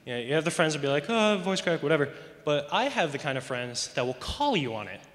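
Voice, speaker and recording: Bright-voiced teen boy doing stand-up. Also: medium pitch, sing-song, quick pace. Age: teens. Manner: rambling, self-mocking, lots of "you know". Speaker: stand-up comedian at a school talent show. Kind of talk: stand-up comedy. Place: large school auditorium stage. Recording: echoey hall.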